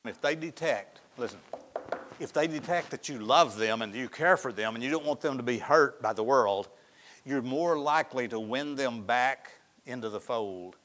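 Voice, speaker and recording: A man preaching a sermon in a folksy storytelling way, often dropping to soft, hushed tones. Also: medium pitch. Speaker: pastor.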